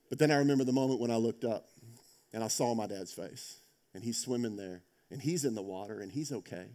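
A man preaching a sermon in a warm, mellow voice. He tells stories conversationally, checks in with his listeners, and swings from loud emphatic peaks down to hushed, intense passages. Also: lowish voice, brisk. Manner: conversational, asks "right?". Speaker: pastor.

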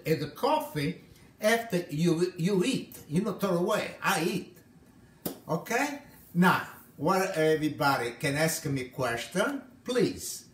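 An Italian man with a fairly high voice hosts a live cooking stream from his home kitchen. He chats and tells stories in cheerful broken English. The room around him has a noticeable echo. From Italy. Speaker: home cook host.

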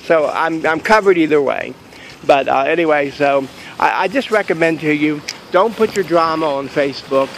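A man's voice: a little high, normal speed, a little hiss or hum, poor audio. A man chatting casually to camera in a vlog outside a store, rambling and joking about deals. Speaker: vlogger.

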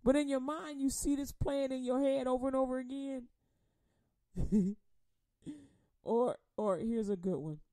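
A woman preaching a casual sermon, chatty and laughing often, acting out quoted voices and reading scripture slowly. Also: high-pitched, mellow, no echo. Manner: reads scripture slowly and deliberately. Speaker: radio preacher.

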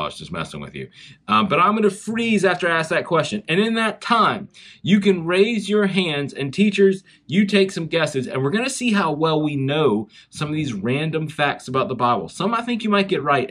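A man with a Southern US accent gives a children's chapel talk, telling a story to the schoolchildren. His pitch rises and falls a lot, and he keeps asking the kids direct questions. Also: sing-song, moderate pace, fairly bright tone. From South Carolina, USA.

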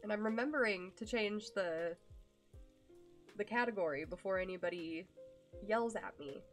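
A woman's voice: medium pitch, moderate pace, soft background music. A young woman streaming live, chatting casually with her viewers in a gushing, affectionate way, full of ums and likes.

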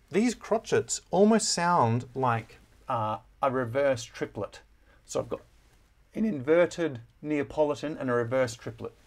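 Casual, chatty male music teacher. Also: mid-range voice. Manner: relaxed, chatty, with many fillers and self-corrections. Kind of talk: casual score walkthrough.

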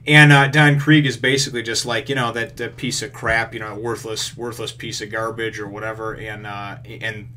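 A man hosting a manga review, recapping a chapter in a rambling way with lots of fillers and casual swearing, getting excited over the action. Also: on the low side, normal speed, few pauses, slight background noise. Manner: gets excited retelling action.

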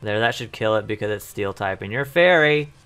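A man hosting a let's play, rambling and thinking aloud over his gameplay while his voice is going hoarse. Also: fairly low pitch, lively intonation, fairly quick, a bit bright, faint music behind. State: losing his voice. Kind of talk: casual gameplay commentary.

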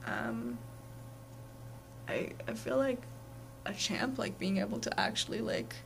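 Young woman, mid-pitch, casual vlog talk, rambling and self-correcting, faint noise behind. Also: very animated, unhurried, gravelly. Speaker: vlogger.

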